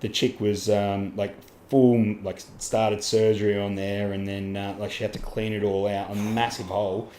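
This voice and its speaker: A man's voice: lowish voice, little pitch movement, normal speed, dark tone. A man with an Australian accent, a podcast guest telling a story casually, laughing often and swearing in Aussie slang. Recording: echoey room with faint ambient noise.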